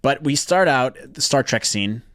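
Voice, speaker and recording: A man's voice: mid-range voice, expressive, normal speed, fairly bright tone, no room sound. A man co-hosting a podcast, recapping in a loose, rambling, jokey way. He has a middle-range voice, recorded dry and close with hardly any room sound. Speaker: podcast co-host. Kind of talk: casual chat.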